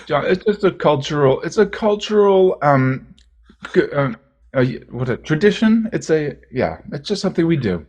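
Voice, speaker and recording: A middle-aged man talking as a guest over a video call, hesitant and slow. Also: fairly high pitch, sing-song, a little mellow, lo-fi sound. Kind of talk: casual video-call chat.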